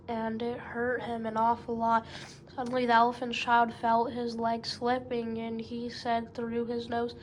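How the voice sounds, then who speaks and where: A woman reads a children's tale aloud at an unhurried, deliberate pace, with her voice sitting a little high. She keeps to a level, even tone and turns to the listener now and then as "best beloved". The reading is steady and patient. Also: slight background noise, poor audio. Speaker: storyteller. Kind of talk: children's story narration.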